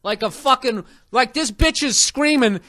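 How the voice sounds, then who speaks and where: A man with a fairly high voice for his sex tells a story as a profane comic rant. He keeps it animated and slips into quick impressions of the people involved. The sound is dry and close, with no room echo.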